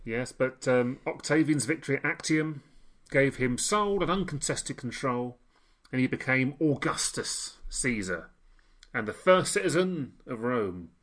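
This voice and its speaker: A man's voice: medium pitch, expressive, measured pace, a bit bright. A man co-hosting a casual history chat, narrating events with dry, wry quips. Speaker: podcast co-host.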